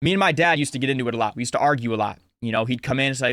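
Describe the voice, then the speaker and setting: A man's voice: medium pitch, very fast, a bit bright, dry recording, studio quality. A man in his twenties with an earnest, casual way of talking who gives life advice in a vlog, full of "like" and restarts. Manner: earnest, talks with lots of "like" and restarts. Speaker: vlogger. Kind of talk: casual motivational monologue.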